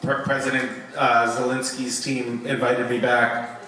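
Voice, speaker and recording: A middle-aged man answering fan questions at a convention panel, rambling and self-mocking, now and then lively in his stories. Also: mid-range voice, measured pace, a little hiss or hum. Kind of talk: casual Q&A storytelling. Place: large convention hall. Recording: echoey hall, taped from far off.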